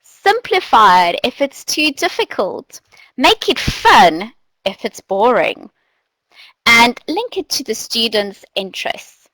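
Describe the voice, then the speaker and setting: A woman giving an online teacher training, animated and demonstrative, often playing with her voice. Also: fairly high pitch, slow, no echo, low-quality recording. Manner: animated, demonstrative, playful voice changes.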